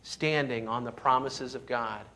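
A man's voice: mid-range voice, fairly even intonation, measured pace, sharp tone, a little hiss or hum. A pastor delivering a sermon, preaching emphatically, reading scripture aloud and often restarting his sentences.

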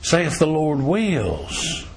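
A preacher man delivers a sermon with a slightly husky, breathy voice. He mixes scripture with homespun stories, rising to emphatic peaks and dropping low for quiet points. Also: wildly swooping pitch, very slow. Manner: folksy storytelling preaching, swinging from emphatic highs to low quiet lines.

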